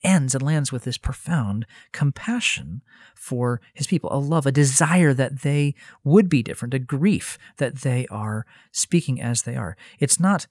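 A man's voice: mid-range voice, animated, unhurried, darkish tone, no echo, studio quality. A man giving a conversational Bible teaching, earnest and thinking aloud, often restarting his phrases. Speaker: Christian teacher.

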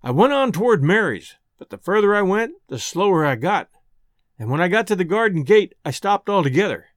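A man's voice: a little high, dry recording, clean studio sound. A man narrating a first-person storybook tale in folksy, rustic dialect. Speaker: audiobook narrator.

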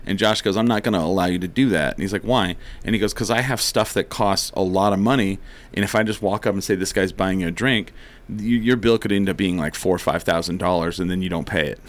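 A man with a fairly low voice tells a rowdy story in casual chat. He swears freely and laughs often, and he acts out the other people's lines as he goes. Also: fast.

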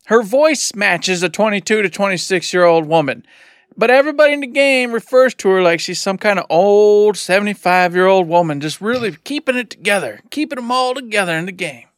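A man in his forties chats on a gaming podcast in an emphatic, animated manner, his voice sitting a little higher than most men's. The sound is dry and close to the mic, with no room around it. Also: a little fast, dry recording. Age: 40s. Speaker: podcast co-host. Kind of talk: casual gaming podcast chat.

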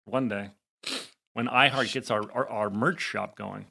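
Bright-voiced joking male podcast host. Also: fairly low pitch, a little slow, gravelly, slightly rough. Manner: joking, rambling, swears, slips into a calmer podcast voice. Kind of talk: casual chat.

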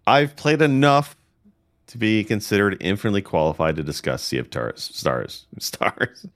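Male co-host, deep fry, animated teasing delivery, dry sound. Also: moderate pace, no room sound. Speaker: podcast co-host. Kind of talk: casual podcast chat.

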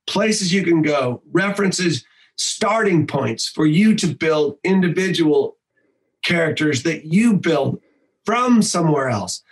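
A man who works as a voice actor and improv teacher, talking in a casual podcast interview in an animated way, swearing freely and slipping into quick voices. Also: fairly high pitch, poor audio.

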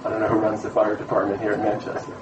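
A man from Brooklyn, giving a lively sermon-style talk to a community gathering, telling stories and mixing in Hebrew terms. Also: on the low side, very fast, background noise. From Brooklyn, USA. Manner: animated storyteller, mixes in Hebrew terms. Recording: echoey room, mic at a distance.

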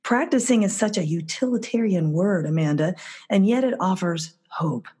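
A woman hosting a podcast interview while nursing a cold. Her voice is husky and a little breathy. She reads her intro and questions in an earnest, scripted manner. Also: lowish voice, animated, moderate pace, warm tone. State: has a cold. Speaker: podcast host.

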